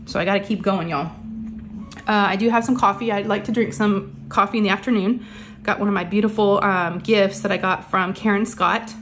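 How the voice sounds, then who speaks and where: Woman, middle-aged, chatty home crafting vlogger; rambling, a bit short of breath, soft hum behind her. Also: mid-range voice, fairly even intonation, fairly quick. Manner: chatty, rambling, many fillers. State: a little out of breath, under the weather. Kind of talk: casual chat while crafting. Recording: faint background hum of printers.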